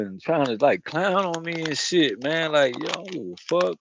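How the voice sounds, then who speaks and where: A man's voice: a little high, lively intonation, brisk, gravelly, few pauses, slight background noise, rough recording. A man talking to camera outdoors in a loose, rambling monologue, slangy and profane, often laughing. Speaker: vlogger.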